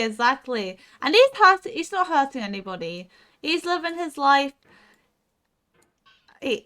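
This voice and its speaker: In a casual live gaming stream, a young woman talks herself through tense moves and chats back to her viewers. Her voice is high-pitched with a fairly bright tone.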